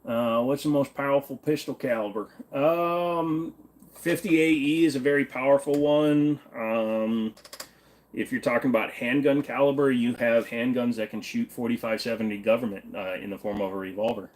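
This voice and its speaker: A young man from Virginia hosts a casual livestream, answering viewer comments in an unhurried, off-the-cuff way. His delivery is blunt and plain, with the odd curse word dropped in. His voice sits at an ordinary middle pitch. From Virginia, USA. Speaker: livestream host.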